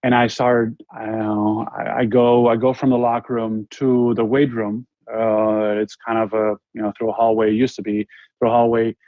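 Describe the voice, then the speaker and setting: A man in his forties with a Spanish accent tells a story as an interview guest, earnest and halting, often restarting his sentences. His voice sits at an ordinary middle pitch. The recording is dull and lo-fi, with a dry, close sound. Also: little pitch movement, dry recording. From Spain. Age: 40s. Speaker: interview guest, former basketball player.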